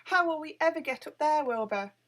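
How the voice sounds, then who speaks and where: A woman voicing an excitable, scatterbrained female witch in a storybook reading, with a high exclaiming voice. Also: a little fast. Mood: worried.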